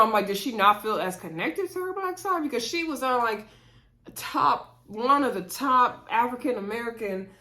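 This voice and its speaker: A woman's voice: medium pitch, bright, forceful tone. A woman in her thirties casually recapping a reality show, gossipy, with laughing asides and lots of fillers. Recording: echoey room.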